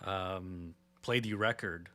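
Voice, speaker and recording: A man's voice: sits low, slow pace, a bit bright. A man hosting a casual interview, often stumbling and repeating words as he asks questions. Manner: stammering, repeats words as he thinks. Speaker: interview host.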